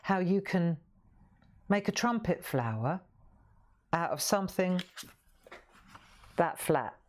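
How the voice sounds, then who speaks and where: Speaking slowly in a lowish voice with lively intonation, a woman hosts a live coloring demonstration over slight background noise. The craft show host is chatty, laughs often and asks viewers questions while she works.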